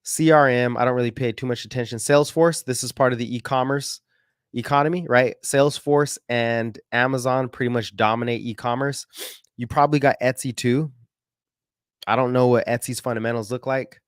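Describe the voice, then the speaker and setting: A man's voice: medium pitch, fairly even intonation, brisk, smooth, no echo, studio quality. A man hosting casual market commentary, rambling and correcting himself as he goes through stock charts with slangy asides. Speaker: market analysis host.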